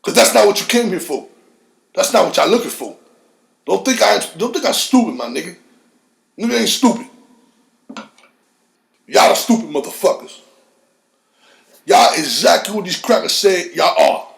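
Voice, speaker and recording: A gravelly man with a fairly high voice hosts his own podcast in a bare, echoey room. He rants with heat and plenty of profanity. His voice drops low, then jumps up into shouts. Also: animated, normal speed, pauses often. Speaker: podcast host. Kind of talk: heated solo podcast rant.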